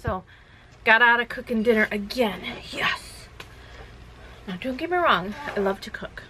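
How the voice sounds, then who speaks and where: A woman's voice: on the high side, expressive, unhurried, noisy background. A woman chatting casually from home in a rambling vlog, laughing often. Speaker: vlogger running a shirt business.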